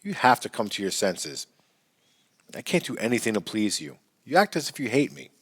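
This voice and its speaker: A distressed young wife pleads and snaps in a worn, tearful voice, as a male narrator puts her on. The delivery is fairly low and steady for an audiobook figure. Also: moderate pace, husky, exaggerated voice. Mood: upset. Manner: pleading, sharp when angry.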